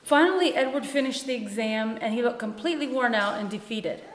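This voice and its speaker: A woman who teaches music, reading her own first-person story in a measured, earnest way. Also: fairly high pitch. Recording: echoey room with long reverb.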